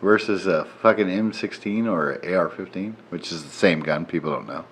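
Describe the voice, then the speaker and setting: A tipsy man co-hosting a podcast in casual chat, joking loudly, laughing and swearing a lot. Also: low voice, a little fast, a little hiss or hum. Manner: loud, profane, joking, laughs often. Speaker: podcast co-host.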